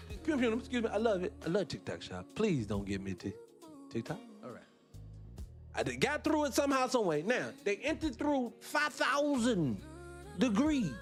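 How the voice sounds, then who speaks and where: A man hosting an online radio show, talking casually and rambling to his listeners, swearing freely. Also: very high voice.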